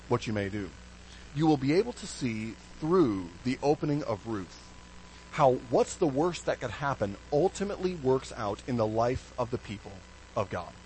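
A man preaching a sermon as pastor, animated, with hushed low stresses and sudden bright emphasis. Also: slight background noise, low-quality recording.

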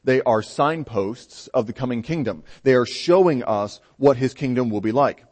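A man preaching a sermon in a conversational, explaining way, often checking in with a quick "right?". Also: medium pitch, animated, darkish tone.

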